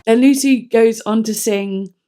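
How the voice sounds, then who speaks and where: A young-sounding woman talks her way through a song review in an easy, chatty vlog voice. She is enthusiastic and a little self-deprecating, often drifting into soft, thoughtful asides. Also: fairly high pitch, a little slow, clean tone, soft background music. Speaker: music reviewer.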